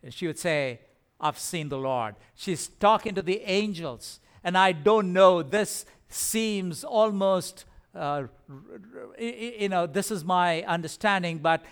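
Male pastor, earnest sermon delivery, clear resonant tone. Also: sits high, animated, measured pace. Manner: earnest, repeats phrases for emphasis, stumbles at times.

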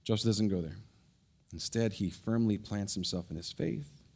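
This male pastor's sermon voice carries a creaky, breathy edge. He tells a story with animated energy, drops soft and low to press a point, and stumbles and restarts quickly.

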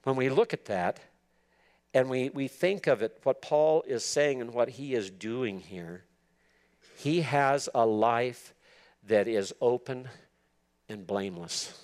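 A man's voice: medium pitch, slow, a little mellow. A man giving an expository sermon to church leaders, earnest and emphatic, repeating words for stress. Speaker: preacher teaching church leaders.

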